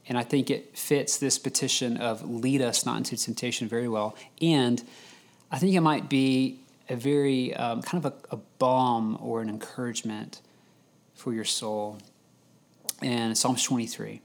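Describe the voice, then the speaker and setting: A pastor delivers a sermon in a measured, conversational way. His voice sits at a middle pitch. He reads scripture slowly, with pauses so the words sink in. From United States.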